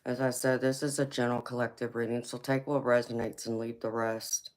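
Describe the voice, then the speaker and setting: A woman with a Southern US accent doing a chatty live-stream tarot reading, speaking in a relaxed drawl and calling her viewers y'all. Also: extremely low pitch, brisk. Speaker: tarot reader.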